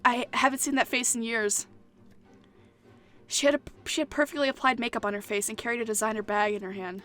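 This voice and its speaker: Bright, giggly young woman gamer. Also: fairly high pitch, fairly even intonation, a little fast. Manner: giggly, swears and jokes between lines. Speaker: gaming channel host. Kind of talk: reading a visual novel aloud with commentary.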